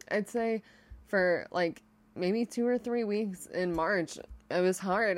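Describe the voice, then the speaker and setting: A woman talks through a solo self-help podcast episode in a casual, heartfelt monologue. Her voice sits a little low for a woman, and she fills her sentences with "like" as she thinks aloud. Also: a little mellow. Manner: earnest, heavy use of "like" as filler. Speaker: podcast host. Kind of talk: personal mindset podcast monologue.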